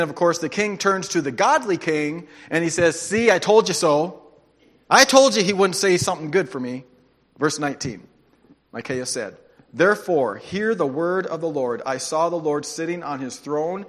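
A man's voice: a little high, fairly bright tone. A man preaching a sermon, reading scripture aloud with playful, sarcastic asides. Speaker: pastor.

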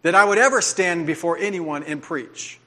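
A man's voice: a little high, normal speed, pushed and bright. A man preaching a sermon as a pastor, telling his own testimony in an earnest, confessional way. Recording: long hall reverb.

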